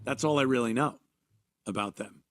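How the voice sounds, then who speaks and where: A man talking casually on a podcast, hesitant, pausing with fillers and trailing off. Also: medium pitch, no room sound. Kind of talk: casual chat.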